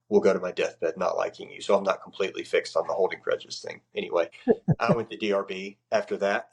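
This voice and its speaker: A man with a low voice tells stories from his military career in a blunt, profane, casual way. He is a guest chatting on a podcast. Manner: blunt, profane, acts out quoted people in a much higher voice. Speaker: Navy chief, podcast guest. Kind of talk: casual storytelling.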